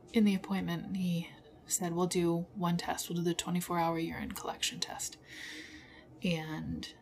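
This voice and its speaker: A woman's voice: fairly low pitch, darkish tone. Frustrated woman venting on a podcast. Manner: frustrated, venting, with bitter laughs. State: emotional, on the verge of tears. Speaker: podcast host. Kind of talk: personal podcast monologue.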